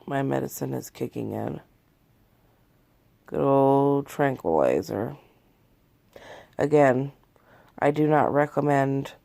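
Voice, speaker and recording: Lying in bed in her bedroom at home, a vlogger in her thirties rambles candidly into her phone in a confessional video, shaky and exhausted after a panic attack. Her voice is extremely low, gravelly and mellow, recorded dry.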